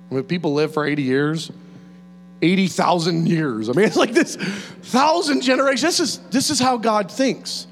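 A male preacher delivers a sermon in a lively, conversational way. His pitch sits high and jumps around expressively. The sound carries the long reverb of a hall, with a faint mains hum underneath. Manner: animated, conversational, with quick laughs and restarts.

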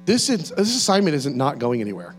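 A man preaching a sermon in an animated, conversational way, with restarts and quick laughs. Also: fairly high pitch. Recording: reverberant hall, faint mains hum.

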